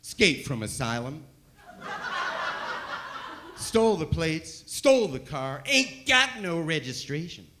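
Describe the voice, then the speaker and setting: A man playing a big, bullying Southern police officer with a thick hillbilly accent, loud and slow-drawling. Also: a little high, very animated, noisy background, pitched above the performer's own voice.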